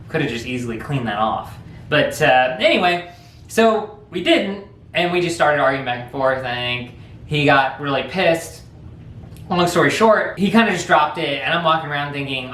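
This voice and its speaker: A man's voice: a little high, a bit bright, roomy sound, slight background noise. A man telling a funny childhood story in a rambling, casual way, laughing often. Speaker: vlog host.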